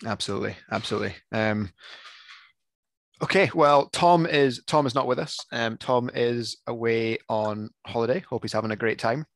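A man's voice: mid-range voice, moderate pace, no room sound. A man co-hosting a casual sports podcast, chatting and teasing with lots of ums. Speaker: podcast co-host. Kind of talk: casual chat.

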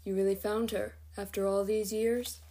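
A woman voicing a man, an awed elf official who speaks softly. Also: mid-range voice, flat delivery, normal speed, a little hiss or hum, lightly acted.

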